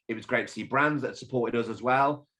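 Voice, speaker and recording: A man from England talks as a guest on a fitness podcast. He tells stories with plenty of energy, blunt and sometimes swearing, in a voice of ordinary pitch. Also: a little fast. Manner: animated, swears, storytelling. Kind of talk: casual interview chat.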